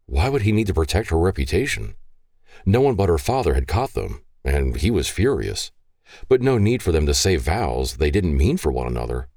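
Deep, expressive male narrator for audiobook fiction. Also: moderate pace, no room sound, studio quality.

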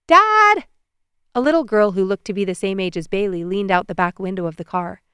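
A woman narrates an audiobook in an even, measured way. Her voice is smooth and clear, of middling pitch. The recording is dry and close, with no room sound. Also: no room sound.

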